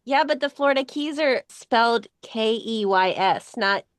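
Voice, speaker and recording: A woman's voice: a little high, a little slow, no echo. A woman co-hosting a podcast, chatting casually with dry, matter-of-fact humor. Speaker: podcast co-host.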